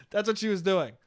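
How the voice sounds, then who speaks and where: A man's voice: sits high, clear, resonant tone, no echo, studio quality. Rambling, swearing man on a solo podcast. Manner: rambling, swearing, self-deprecating, laughs a lot. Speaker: podcast host. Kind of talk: casual solo podcast monologue.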